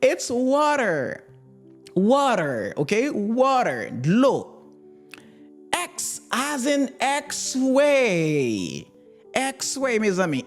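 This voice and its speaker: Slow Haitian-accented woman teaching letters. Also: mid-range voice. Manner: slow, repeats words, switches between English, French and Creole. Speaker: language teacher. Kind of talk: alphabet lesson for learners.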